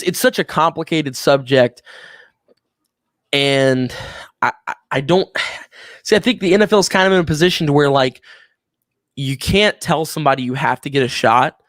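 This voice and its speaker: Excitable man talking football, dry close mic. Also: a little high, no echo. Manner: excitable, animated storytelling with lots of restarts. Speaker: co-host. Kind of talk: casual sports talk.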